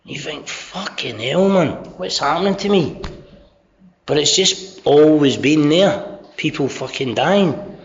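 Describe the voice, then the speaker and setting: Slow-paced but animated, a middle-aged Scot with a slightly high voice gives an honest, sweary, self-deprecating account of his recovery at a convention, in a Scottish accent. The sound quality is dull and lo-fi.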